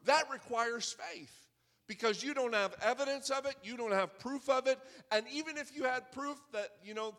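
A man's voice: extremely high pitch, moderate pace, pushed and bright, long reverb tail. A man preaching a sermon in a conversational way that builds to fervent crescendos. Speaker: pastor.

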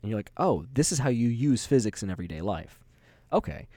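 A man's voice: medium pitch, big pitch swings, fairly quick, warm tone, no room sound. A young man co-hosting a podcast, telling stories in a rambling, casual way with easy swearing and laughter. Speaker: podcast co-host. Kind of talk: casual chat, storytelling.

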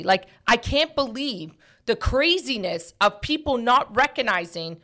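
A woman's voice: on the high side, animated, unhurried, sharp tone. A woman hosting a casual opinion talk show, speaking emphatically and preachily with many fillers like "like" and "you know".

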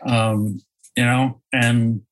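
A man, a photographer, talking in a slow, thoughtful way in an interview, often restarting his sentences and laughing softly. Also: medium pitch, level tone, poor audio. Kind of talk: reflective conversational interview.

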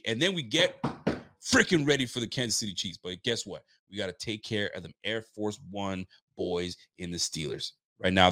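Speaking in a mid-range, fairly bright voice, a Canadian sports fan streamer from Nova Scotia hangs out with his livestream viewers. He's hyped and loose, and he repeats himself a lot.

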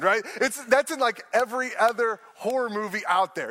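A young man, a pastor, preaching a sermon with animated storytelling and playful asides. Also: high voice, normal speed, few pauses, in a large hall.

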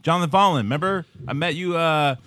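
A man's voice: fairly high pitch, fast talker, bright, forceful tone, no echo. A young adult man hosting a podcast, rambling in casual, profane banter and laughing often. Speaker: podcast host.

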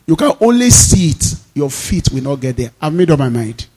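A male pastor with a Nigerian accent preaching a sermon, reading scripture slowly and breaking into emphatic, rising declarations. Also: on the high side, big pitch swings, dark tone. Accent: Nigerian, Yoruba-speaking. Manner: mixes in Yoruba phrases.

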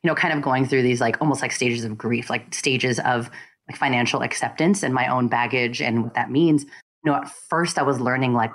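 Very low-voiced woman, lively storyteller. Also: brisk. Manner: animated, expressive storytelling with quoted asides. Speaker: podcast guest. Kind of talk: casual interview talk.

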